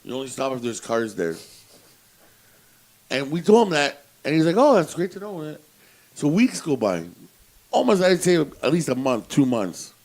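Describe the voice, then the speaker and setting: A man's voice: medium pitch, big pitch swings, normal speed, long pauses, a little mellow, rough recording. A man co-hosting a podcast, telling a prank story in casual chat, swearing and laughing as he talks. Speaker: podcast co-host.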